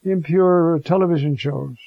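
A man's voice: fairly high pitch, measured pace, gravelly, no echo. A man preaching a conversational homily, animatedly acting out the scene he tells. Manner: animated, acts out the Gospel scene in voices. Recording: dull, lo-fi recording.

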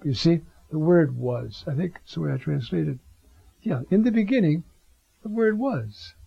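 Slow, husky male Bible teacher. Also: fairly high pitch, dry recording. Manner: reflective, rhetorical asides, drawn-out Greek phrases. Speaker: preacher teaching scripture. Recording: dull lo-fi sound.

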